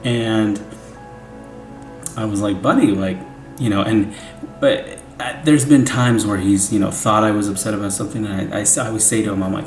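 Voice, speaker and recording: A man's voice: lowish voice, steady tone, normal speed, a little mellow. A young man, a father, telling a family story in a casual, rambling way, full of "like" and "you know". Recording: echoey room, faint music.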